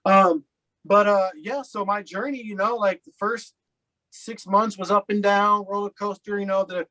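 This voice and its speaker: Casual interview guest: a man with a slightly high voice, rambling, filler-heavy storytelling. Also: steady tone, moderate pace, pushed and bright, poor audio. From Colorado.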